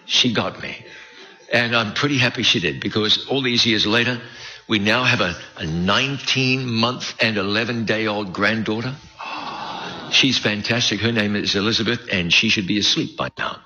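A man in his fifties with a faded New Zealand accent preaches a folksy, joking, self-deprecating sermon as part of a Bible study series, restarting often in this conversational style. His fairly low voice is bright and forceful at a moderate pace, on a dull lo-fi recording.

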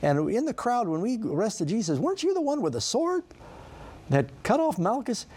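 A man's voice: sits high, expressive, brisk, warm tone, voice pushed up. A man voicing a suspicious adult male servant who presses accusing questions.

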